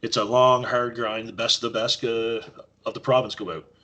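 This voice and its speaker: A Canadian podcast guest speaks at normal speed in a medium-pitched voice. He tells casual stories animatedly, acting out the quoted lines.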